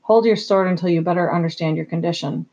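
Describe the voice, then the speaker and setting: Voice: mid-range voice, fast, darkish tone, highs cut off, close to an everyday voice. A reader doing a proud, commanding young princess. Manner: formal, imperious.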